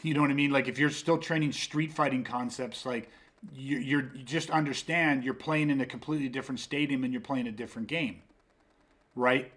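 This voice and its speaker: A man's voice: medium pitch, steady tone, a little fast, fairly bright tone. Emphatic, swearing male podcast host. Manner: emphatic, profane, rambling with restarts. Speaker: podcast host and self-defense instructor. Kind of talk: casual podcast explanation.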